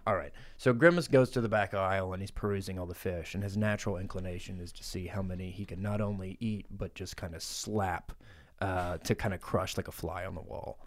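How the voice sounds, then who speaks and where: A man's voice: sits low, steady tone, fairly quick. A man co-hosting a comedy podcast, sassy and teasing as he narrates an improvised silly story. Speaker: podcast co-host.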